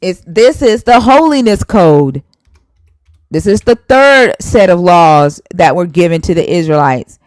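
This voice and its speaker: A woman's voice: fairly low pitch, expressive, a little slow, darkish tone, no room sound, rough recording. A woman hosting a live stream, arguing heatedly and scolding a viewer while citing scripture verses. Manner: emphatic, scolding, cites scripture.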